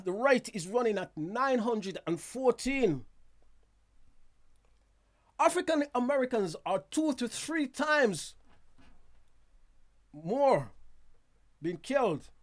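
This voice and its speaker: A man's voice: sits high, animated, takes it slowly, pauses often. Chatty man hosting the news. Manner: chatty, laughs at himself, asides to viewers. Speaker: news show host. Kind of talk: casual news roundup. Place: studio.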